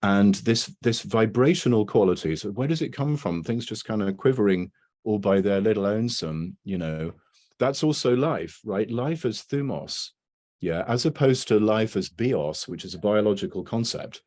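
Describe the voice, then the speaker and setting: A man's voice: on the low side, expressive, normal speed, a little mellow. A man giving a casual academic talk over a video call, rambling and tagging his points with "right?" and "you know". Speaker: lecturer.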